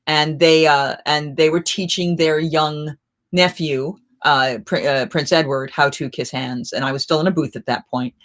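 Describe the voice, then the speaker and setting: A middle-aged woman, a festival performer, hosting a live chat and telling lively anecdotes in a casual way, often getting suddenly louder. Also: sits low, moderate pace. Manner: animated, with sudden jumps in loudness.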